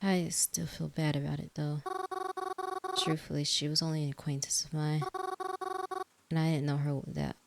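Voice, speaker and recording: A woman reading the lines of a kind young woman at a funeral in a game, soft-spoken and reassuring. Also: low-pitched, little pitch movement, normal speed, gravelly, pauses often, faint music behind. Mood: polite. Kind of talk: reading game dialogue aloud.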